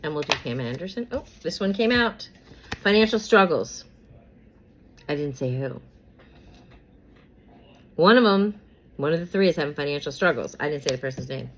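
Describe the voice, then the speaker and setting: A woman's voice: low-pitched, lively intonation, normal speed, long pauses, a bit bright, slight background noise, rough recording. A woman chatting casually about celebrity gossip while doing her makeup, rambling with many fillers and repeats, and sometimes whispering names as she pulls cards.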